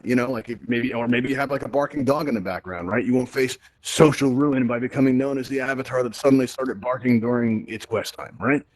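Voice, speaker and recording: Fast-talking, animated man hosting a VR event. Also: mid-range voice, no room sound. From Brooklyn, New York. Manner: animated, chatty, says "right?" constantly. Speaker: host of a VR event. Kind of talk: live event hosting to an audience. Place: virtual reality social space, on a stage. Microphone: VR headset microphone.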